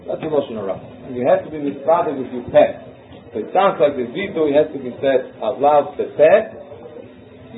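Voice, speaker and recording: A man teaches a religious law lesson in English, peppering it with Hebrew terms and reciting texts in an Ashkenazi Hebrew lilt. His voice sits a bit high for a man. It comes through a narrow, phone-like line with a faint hiss behind it. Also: brisk. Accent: Ashkenazi Hebrew pronunciation. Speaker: Torah teacher. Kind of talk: halachic lesson.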